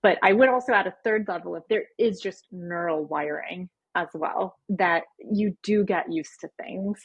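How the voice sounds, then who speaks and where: A woman, a personal trainer and nutrition coach, explaining habits calmly as a podcast guest. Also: lowish voice, normal speed, slightly rough, no echo, lo-fi sound. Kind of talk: podcast conversation.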